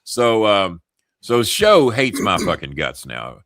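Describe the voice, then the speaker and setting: Guy host, cussing through a long story, low punchy voice, dry close sound. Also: slow pace, no echo. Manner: profane, animated anecdote-telling. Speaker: show host. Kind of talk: casual storytelling.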